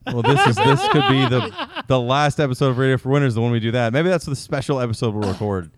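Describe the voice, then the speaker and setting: Fast-talking podcast host, rambling. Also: male voice, mid-range voice, very animated, no echo, clean studio sound. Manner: rambling, self-mocking, restarts sentences often. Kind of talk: casual chat.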